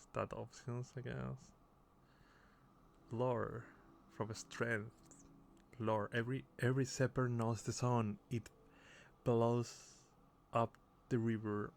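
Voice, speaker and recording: Male gamer, mid-range voice, unhurried casual commentary that reads out game text, with faint background noise. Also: mid-range voice, level tone, gravelly. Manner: reads on-screen game text aloud, chuckling often. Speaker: gamer playing on video.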